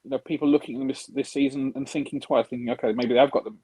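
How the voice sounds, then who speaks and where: A man's voice: medium pitch, steady tone, fast, mellow, slightly rough, dry recording, rough recording. A man on a casual panel chat, reasoning hesitantly with frequent restarts.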